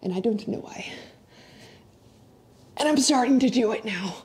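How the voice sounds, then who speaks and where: A woman's voice: a little high, expressive, a little slow, a little mellow, a little hiss or hum. A woman fitness coach leading a follow-along workout, out of breath as she exercises, giving upbeat cues and countdowns. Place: indoors, not outside.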